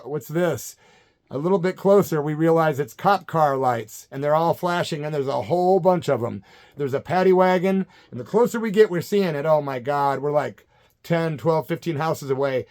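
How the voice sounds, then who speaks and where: A middle-aged man telling a story from his youth in a casual, animated way, acting out other people's lines. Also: on the high side, moderate pace. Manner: animated, acts out quoted voices, swears casually. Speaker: punk vocalist telling a story.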